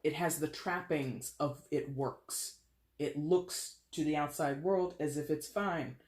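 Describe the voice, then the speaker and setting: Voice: mid-range voice, slow pace, darkish tone. A tarot card reader giving a casual monthly reading straight to the viewers, talking frankly with loose swearing and lots of pop-culture asides. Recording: roomy echo.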